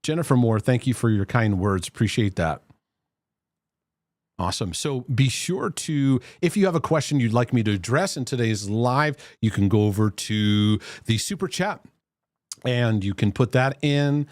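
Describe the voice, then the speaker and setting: On a dry, studio-quality recording, a man with an expressive, darkish mid-range voice speaks at a moderate pace. He's hosting a Christian mental health livestream, reading viewer comments aloud in a chatty way and laughing readily, often using fillers and restarting sentences.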